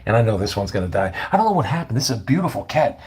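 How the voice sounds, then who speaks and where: A middle-aged man talking in a casual, rambling monologue, blunt and full of swearing, often sinking to a low mutter. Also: sing-song, rapid-fire, darkish tone. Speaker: vlogger.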